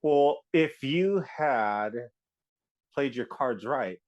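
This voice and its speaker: A man's voice: medium pitch, lively intonation, drawn-out words, darkish tone, muffled recording. Teasing male podcast host. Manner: teasing, joking. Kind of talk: casual chat.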